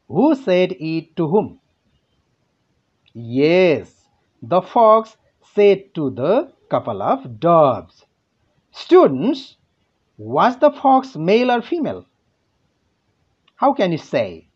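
A male English teacher with a Nepali accent walks pupils through a lesson, asking questions and answering them himself. His pitch rises and falls a lot, and the delivery is very unhurried. The voice is a little husky, and the recording sounds dull and lo-fi. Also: wildly swooping pitch. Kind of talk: classroom lesson narration.

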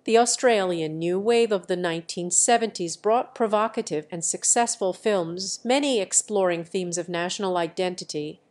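A woman giving scripted encyclopedic narration, reading list-like facts in a steady, measured way. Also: medium pitch.

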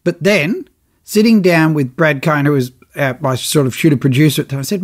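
A middle-aged man tells a story on his podcast in a loose, chatty way. His voice sits a touch high for a man, and he brings the other people in his tale to life with quick bits of dialogue. It all feels easy and conversational. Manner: animated, acts out others' lines in his own voice. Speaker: podcast host telling a travel story. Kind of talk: casual storytelling.

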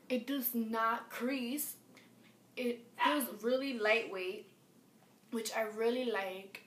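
Female beauty vlogger, gushing and repetitive, slow deliberate pace, roomy echo with faint noise. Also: on the high side. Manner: gushing, excitable, repeats herself. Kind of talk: casual makeup review. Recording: echoey room with faint background noise.

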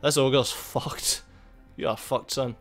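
A man's voice: mid-range voice, slow pace. Sweary man commenting on gameplay. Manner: swears a lot, excitable, laughs at the game. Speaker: gaming YouTuber. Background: faint game music.

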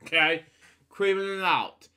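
A man reads a bedtime story aloud in a high, bright voice. He stumbles and restarts now and then, and he gives the characters only light voices of their own. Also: unhurried, clean tone.

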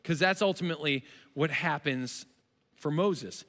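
Guy pastor giving a sermon, bright tense voice, animated storyteller, echoey church. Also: on the high side, measured pace. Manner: animated storytelling, acts out characters. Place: church auditorium.

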